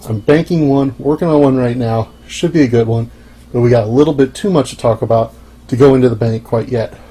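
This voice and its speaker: A young man hosts a solo podcast in a loose, offhand way, dropping wry asides between pauses. His voice is mellow and a touch husky, sitting at an ordinary middle pitch. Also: poor audio. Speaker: podcast host. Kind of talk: casual solo podcast monologue.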